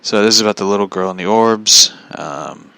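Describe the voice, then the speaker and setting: A man hosting a podcast in a casual chat, rambling and halting, with many "like" fillers and chuckles. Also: on the low side, gravelly, bright, forceful tone, clean tone, no echo. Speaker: podcast host.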